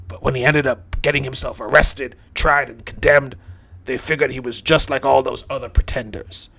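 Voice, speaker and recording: A man's voice: gravelly, bright, forceful tone, slightly rough, full character voice. A man performing a dramatic first-person monologue as a hardened, bitter thief dying on a cross, brooding and cynical. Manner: brooding, cynical, low-key.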